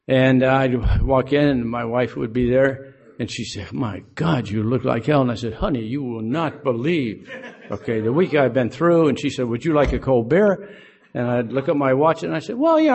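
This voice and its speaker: An older man from Illinois tells a long story to a group in a folksy, self-mocking way. His voice sits in an ordinary middle pitch, and he slips into short acted exchanges with plenty of wry asides. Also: darkish tone. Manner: folksy, self-mocking, acts out both sides of dialogues. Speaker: recovery meeting speaker.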